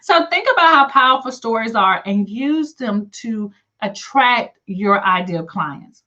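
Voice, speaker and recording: A woman's voice: a little high, expressive, a little slow, sharp tone. A woman business coach talking casually to her viewers, often checking in with a "right?" aside. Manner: conversational, frequent "right?" asides. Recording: slightly dull lo-fi sound.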